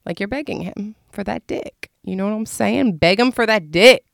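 A woman's voice: medium pitch, normal speed, gravelly, dry recording, studio quality. A woman hosting her own show, talking frankly and casually with lots of fillers and laughs. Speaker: host. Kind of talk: casual candid advice monologue.

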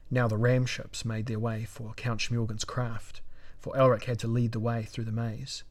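A man narrating a fantasy battle story in a measured, dramatic audiobook reading. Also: mid-range voice, little pitch movement.

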